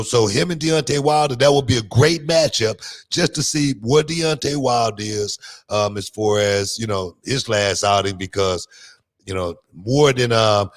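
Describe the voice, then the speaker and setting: A man hosting a casual podcast, his voice sitting in an ordinary middle range. He talks loosely and leans on fillers, then turns lively when he tells a story. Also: medium pitch. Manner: loose, filler-heavy, drawling delivery; lively, animated when telling stories. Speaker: podcast host.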